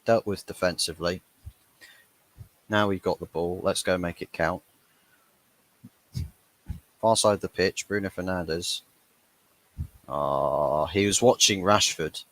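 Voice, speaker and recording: A man's voice: low voice, slow, long pauses, a bit bright, dry recording. A young man hosting a fan watchalong, chatting casually through the match and laughing at his own jokes. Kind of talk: live match reaction commentary.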